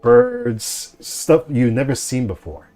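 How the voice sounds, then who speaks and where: A man narrating as game master, describing scenes with a halting, filler-heavy delivery. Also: medium pitch, wildly swooping pitch, warm tone, faint music behind. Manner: hesitant, many fillers.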